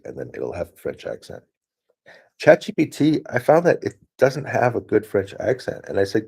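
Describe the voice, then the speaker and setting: Low, husky man thinking aloud. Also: sing-song, a little fast, darkish tone. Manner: rambling, thinking aloud with many fillers and restarts. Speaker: solo streamer. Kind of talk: casual screen-share walkthrough.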